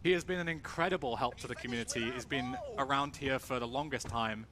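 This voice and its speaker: A man's voice: medium pitch, quick pace, crowd noise. A young English man casually commentating his own game speedrun for a live audience, chatty and joking. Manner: chatty, relaxed, jokes with the audience. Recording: noisy event stream audio.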